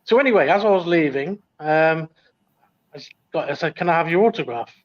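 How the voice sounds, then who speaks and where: A man's voice: fairly high pitch, expressive, brisk. A middle-aged man telling a long anecdote as a guest on a casual livestream, rambling with many ums. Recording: dull lo-fi sound.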